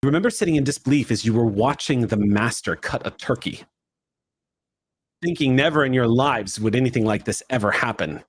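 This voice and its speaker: A man's voice: medium pitch, brisk, breathy edge. A man as game master, giving dramatic second-person narration for a tabletop role-play, shifting his pace from swift to drawn out.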